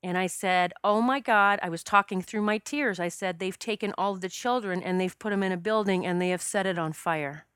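A woman's voice: mid-range voice, brisk, few pauses, a bit bright, clear, resonant tone, no room sound, studio quality. A woman who works as a past life regression specialist, telling a personal story in an earnest, emotional way with many fillers and restarts, choking up at times. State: choked up at times.

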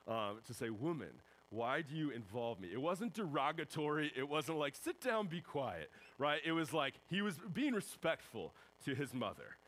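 A young man, a high school pastor, giving a casual youth sermon and acting out little voices in the quotes. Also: very animated, moderate pace, few pauses, fairly bright tone, low-quality recording.

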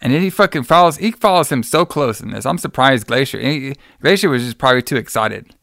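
Casual podcast co-host, gravelly male voice, animated storyteller, dry close mic. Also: mid-range voice, brisk, no room sound. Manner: animated storyteller acting out quotes, laughing often. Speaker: podcast co-host recapping a horror movie. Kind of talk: casual chat.

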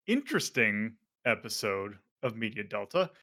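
A man's voice: lowish voice, lively intonation, normal speed, vocal fry, pushed and bright, faint music behind. A man hosting a casual podcast, rambling with lots of fillers and self-corrections. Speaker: podcast host.

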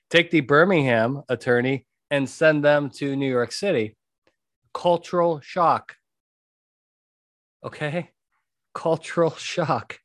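A man's voice: on the high side, no room sound. Emphatic man giving advice, dry sound. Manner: emphatic, repeats key points, frequent "okay". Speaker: podcast host and jury consultant. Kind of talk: conversational monologue giving advice.

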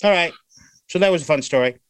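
A man's voice: a little high, fast talker, clear, resonant tone. A man hosting a casual podcast, reading odd news stories aloud with crude joking asides.

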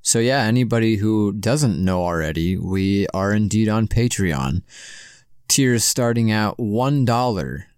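A man's voice: fairly low pitch, lively intonation, measured pace, darkish tone, clear, resonant tone, no room sound, clean studio sound. A man co-hosting a podcast in casual chat, loose and swearing freely as he laughs along. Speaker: podcast co-host.

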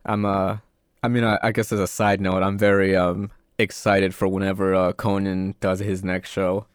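A young man chatting casually on a podcast, retelling stories in an animated way with lots of fillers. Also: deep voice, moderate pace, clear, resonant tone, no echo, studio quality. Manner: animated retelling with quoted voices, many fillers. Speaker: podcast co-host. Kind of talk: casual chat.

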